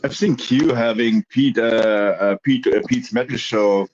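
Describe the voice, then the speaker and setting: A man's voice: mid-range voice, measured pace, darkish tone, a little hiss or hum. Hesitant man on a dull lo-fi mic. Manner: hesitant, correcting himself. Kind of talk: casual chat.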